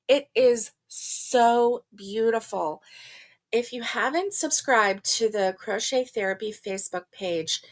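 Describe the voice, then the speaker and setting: A woman's voice: fairly high pitch, fairly bright tone. An older woman hosting a casual live stream, chatting, laughing often and greeting viewers by name. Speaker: livestream host.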